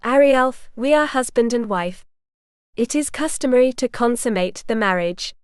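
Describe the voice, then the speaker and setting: A woman reading the lines of a proud, teasing medieval warrior husband in an audiobook, calm and frank. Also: a little high, moderate pace, clean tone, dry recording, clean studio sound, lightly acted.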